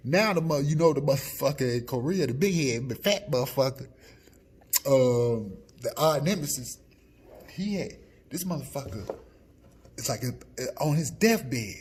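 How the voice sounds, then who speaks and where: Husky, profane man ranting. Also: medium pitch, a little slow. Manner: loud, profane and animated, swings between shouting and muttering. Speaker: blogger. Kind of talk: profane off-the-cuff rant.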